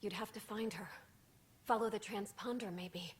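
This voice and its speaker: An actress voicing a shaken young female junior officer in a video game, speaking in a weary, hushed way. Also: mid-range voice, steady tone, moderate pace, close to an everyday voice. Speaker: game character.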